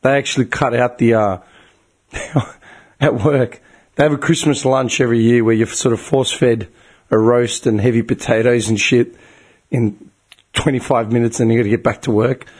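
An Australian man in his twenties or thirties rants in a casual way, swears a lot and retells each exchange with mounting outrage. His voice is mid-pitched and sits in the middle of the male range. It sounds worn and a little strained from talking so long. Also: moderate pace. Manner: profane, exasperated storytelling with bursts of animated outrage. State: voice getting tired and strained. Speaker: group chat regular. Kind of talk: casual ranting story.

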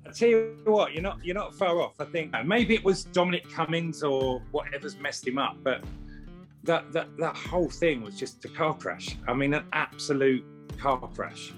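A man's voice: a little high, moderate pace, soft background music. Blunt, emphatic man on a podcast. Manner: emphatic and blunt, with repeated restarts. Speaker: podcast co-host. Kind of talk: casual chat.

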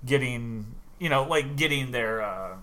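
Man, casual chat, bright sharp tone, animated storyteller, swears freely. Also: mid-range voice, a little slow.

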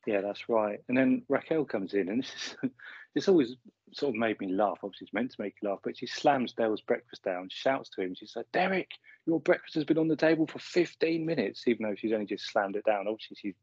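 Chuckling man, husky and low. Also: quick pace, a little mellow, no room sound. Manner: chatty, chuckles often. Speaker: podcast co-host. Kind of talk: casual chat recapping a sitcom episode. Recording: slightly muffled lo-fi audio.

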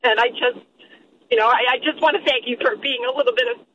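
A woman calling in to a radio show, heated and halting, repeating herself as she talks. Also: fairly high pitch, muffled recording, a little hiss or hum. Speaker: caller, healthcare worker. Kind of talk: phone-in call.

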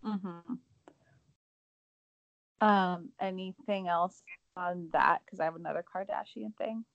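A young woman with a fairly low voice keeps chiming in with agreement during a celebrity gossip chat. Her sound is muffled and lo-fi, close and dry. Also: steady tone, gravelly, dry recording. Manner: agreeable, chatty, quick to chime in. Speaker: co-host. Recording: dull lo-fi sound.

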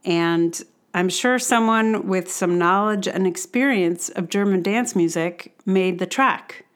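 A woman's voice: medium pitch, takes it slowly, clean tone. A woman hosting a podcast in casual chat, talking in a chatty, self-deprecating way with plenty of ums and uhs. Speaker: podcast host.

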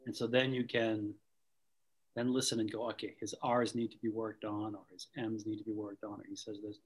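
A man's voice: fairly low pitch, little pitch movement, moderate pace, slightly rough, poor audio. A man from the Boston area, an acting coach, talking thoughtfully in an interview with many restarts. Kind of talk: conversational interview.

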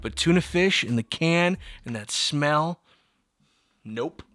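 A young man co-hosting a podcast, telling stories in a lively casual way and acting out quotes. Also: on the high side, slow, no echo. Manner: animated storyteller, acts out childhood quotes. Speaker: podcast co-host. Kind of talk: casual chat.

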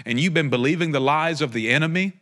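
A man with a high, bright, ringing voice preaches a prophetic sermon. He speaks straight to his listeners with fervor and breaks into playful joking asides. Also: quick pace. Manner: impassioned, joking asides, rising to a fervent pitch.

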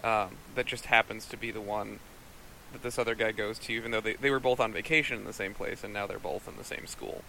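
Gravelly bright-voiced man explaining calmly. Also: lowish voice, slight background noise, poor audio. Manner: explanatory, measured, dryly understated. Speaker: co-host reviewing a movie. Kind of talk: casual chat.

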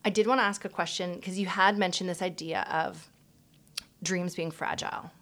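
Woman host of a faith podcast, slightly low voice, affirming and conversational. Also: fairly even intonation, moderate pace. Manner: warm, affirming, frequent "um" and "mm-hmm". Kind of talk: faith-based casual chat.

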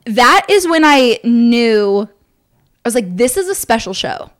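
A young woman co-hosting a casual podcast, telling an excited story fast with lots of fillers. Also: a little high. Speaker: podcast co-host. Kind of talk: casual chat.

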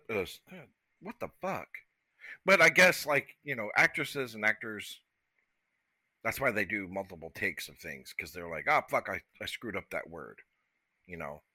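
A man from the United States co-hosting a podcast in casual chat, profane and expressive, with lots of "like.". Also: medium pitch, dry recording. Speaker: podcast co-host.

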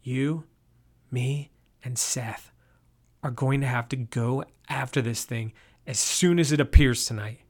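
A stern, macho young man gives orders in a low, slow voice, as a male storyteller plays him. His tone leaves no room for argument. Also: natural voice. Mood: secretive.

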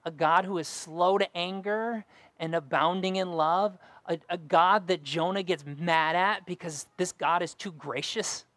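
A man's voice: high-pitched, fairly even intonation, measured pace, a bit bright, dry recording. A young adult man preaching a sermon as pastor, earnest and fond of repeating key phrases.

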